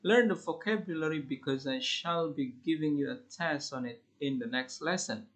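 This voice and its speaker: A man with an Indonesian accent reading classroom English phrases aloud in a slow, deliberate lesson style. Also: a little high, a bit bright. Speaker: English teacher.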